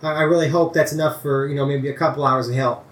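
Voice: medium pitch, steady tone, fast talker, reverberant, lightly acted. A game master voicing a poor, humble older male farmer with a bad leg, who talks in folksy rural grammar and stumbles over repeated words. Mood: pleading.

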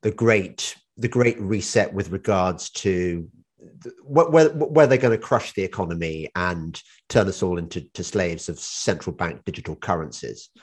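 A man's voice: low-pitched, normal speed, slightly rough. A man hosting a casual interview, asking rambling questions and telling anecdotes.

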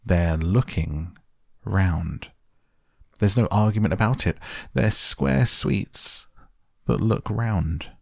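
Eccentric, impatient male factory owner for a storybook, deep gravelly voice, as a man reads him. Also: darkish tone, no echo, clean studio sound, heavily acted. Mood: brisk. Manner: brisk, impatient, theatrical.

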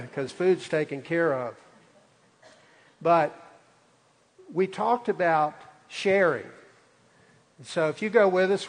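A man, preaching a sermon as a pastor in a folksy, conversational storytelling way. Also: a little high. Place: church sanctuary. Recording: reverberant church hall.

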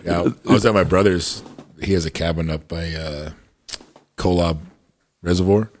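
A man co-hosting a podcast, telling stories in a laid-back, halting way. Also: deep voice, steady tone, a little mellow. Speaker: podcast co-host. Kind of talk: casual podcast banter.

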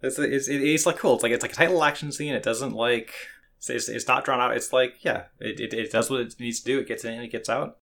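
Guy rambling fast about anime on a podcast, gravelly voice, keeps restarting sentences. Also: mid-range voice, fairly even intonation, fairly bright tone. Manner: rambling, many restarts and "like" fillers. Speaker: podcast co-host. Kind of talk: casual anime discussion.

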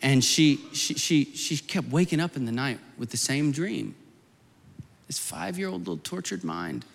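A man's voice: a little high, animated, unhurried, creaky. A man preaching a sermon to a gathered audience, telling a personal story in a rambling, fervent way with many restarts. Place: large hall before an audience. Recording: long hall reverb.

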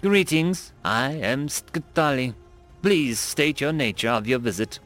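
A man voicing a calm, emotionless female customs officer who speaks in an unperturbed, formal way in a storybook reading. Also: medium pitch, measured pace, soft background music. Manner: flat, unperturbed.

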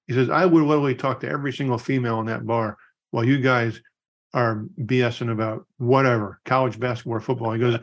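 A man's voice: medium pitch, fast. Gray-haired man telling stories. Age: middle-aged. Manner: storytelling, animated quotes. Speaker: podcast co-host. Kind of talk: casual chat.

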